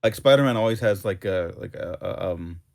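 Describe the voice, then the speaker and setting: A man's voice: on the low side, animated, a little fast, darkish tone. A man co-hosting a casual comic book discussion, talking in a loose, rambling way with lots of "like" and fillers. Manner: rambling, heavy use of "like" and fillers. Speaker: co-host.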